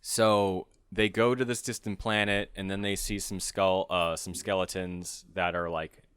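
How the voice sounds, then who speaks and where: A young man with a low, smooth voice talks casually while he plays, rambling loosely through a film's plot. The sound is close and dry. He drops into goofy voices for the characters now and then. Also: little pitch movement, a little slow, fairly bright tone, no echo. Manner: rambling, recaps plots with silly voices. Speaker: let's play co-host. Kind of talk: casual gaming chat.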